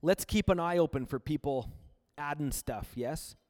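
A man's voice: a little high, moderate pace, darkish tone. A man from Canada preaching a sermon, telling his own story in an earnest, confessional way. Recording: long hall reverb.

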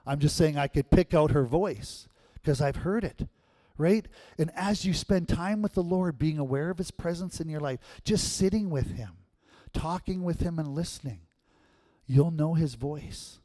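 A male pastor preaching a sermon in church, telling stories and acting out voices, swinging between loud and hushed. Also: a little high. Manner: animated storyteller, acts out quotes, swings from loud to hushed.

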